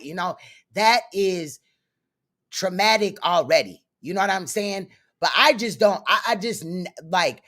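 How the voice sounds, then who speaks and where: A woman's voice: lowish voice, fairly bright tone. A woman commentator reacting to a clip, blunt and sarcastic, swearing freely.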